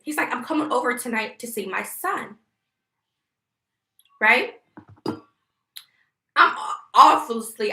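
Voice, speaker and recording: A woman tells a personal story straight to her viewers, emphatic and profane. Her voice sits a little high and has a gravelly fry. The sound bounces around a reverberant room. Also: pushed and bright. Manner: emphatic, heated, profane, addresses viewers directly. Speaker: vlogger. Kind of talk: casual venting storytime to viewers. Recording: echoey room.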